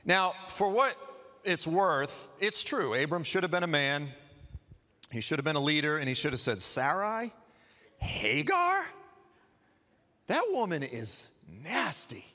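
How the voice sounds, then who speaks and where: A guest preacher with a slightly high voice speaks at a moderate pace, his tone pushed and bright. In a church hall, he gives a sermon, telling the story in a conversational, humorous way. Long hall reverb fills the recording.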